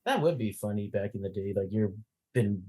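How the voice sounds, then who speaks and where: A man's voice: on the low side, lively intonation, a little fast, a little mellow, husky, no room sound. A man chiming in with dry jokes during a casual film chat. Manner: dry, joking interjections. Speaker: podcast co-host.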